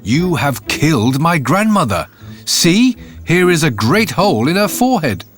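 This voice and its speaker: A man's voice: on the high side, very animated, normal speed, pitched above the performer's own voice. A man voicing a crafty young peasant who talks in a sly, earnest way, with faint music behind. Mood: outraged.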